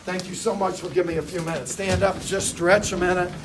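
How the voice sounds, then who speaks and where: Male sales coach, fairly high voice, heard from a distance, punchy call-and-response delivery. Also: little pitch movement, fast talker, background noise. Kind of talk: motivational sales talk. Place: dealership meeting room.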